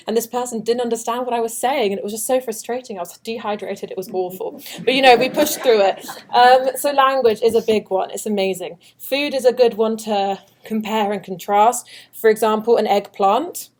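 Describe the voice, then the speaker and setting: A woman's voice: fairly high pitch, brisk, a little mellow. A young woman from the United Kingdom with a British English accent, giving a chatty, upbeat orientation talk and joking with her audience. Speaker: study abroad orientation presenter. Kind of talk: orientation presentation.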